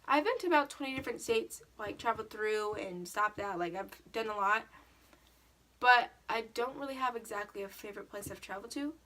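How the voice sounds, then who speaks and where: A woman's voice: mid-range voice, fairly quick, bright, forceful tone. A teenage girl telling stories and answering questions in a casual vlog, chatty and full of "like". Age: teens. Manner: chatty storytelling, lots of "like". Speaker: vlogger.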